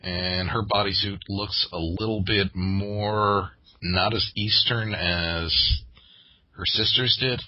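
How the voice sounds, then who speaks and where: A man's voice: fairly low pitch, steady tone, takes it slowly, dry recording. A man co-hosting a casual podcast chat, hesitant, with many fillers and restarts. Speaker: podcast co-host. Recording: dull lo-fi sound.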